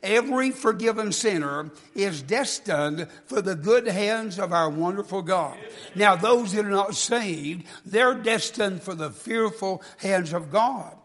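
With lively intonation and a fairly bright, high male voice, a guest preacher speaks a little slowly through a folksy sermon. A cold leaves him congested and coughing as he stumbles and restarts, and the church sanctuary gives a long reverb.

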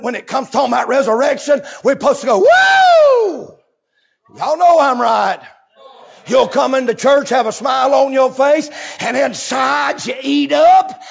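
A man preaching a revival sermon, swinging from low murmurs to hoarse, sing-song shouting. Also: highs cut off.

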